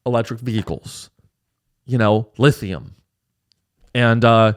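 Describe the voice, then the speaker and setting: Male podcast host, sarcastic, rambling, profane, average pitch. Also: slow pace, clean tone. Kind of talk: casual chat.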